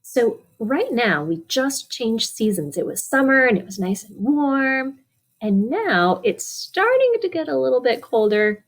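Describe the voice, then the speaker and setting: A woman leads a children's storytime as a librarian, reading a picture book aloud. Her voice climbs and dips constantly. She pauses often to ask the little listeners questions and then answers them herself. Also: a little high, sing-song.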